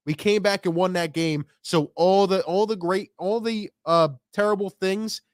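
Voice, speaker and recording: A man's voice: high-pitched, steady tone, normal speed, dry recording, studio quality. A young man ranting in frustration after his team's loss, firing off rhetorical questions to his stream chat. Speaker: sports fan streamer. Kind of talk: ranting post-game commentary.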